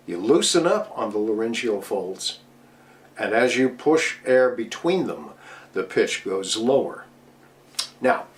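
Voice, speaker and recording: A middle-aged man teaching voice technique, explaining patiently and demonstrating with his own voice. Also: medium pitch. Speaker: voice coach speaking to DJs. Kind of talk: instructional talk at a virtual convention.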